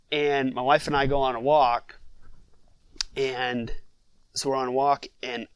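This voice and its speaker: A man, a father of six, telling a family story in a relaxed podcast interview, with lots of fillers. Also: mid-range voice, measured pace, clean tone, no room sound, poor audio. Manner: conversational, many fillers, reflective storytelling.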